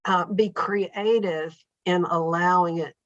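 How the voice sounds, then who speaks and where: A woman with a lowish voice speaks as a podcast guest, calm and reflective, now and then voicing her inner thoughts as quoted lines. The sound is dry, with a slightly dull, muffled quality. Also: slow, no room sound. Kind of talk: reflective conversational interview.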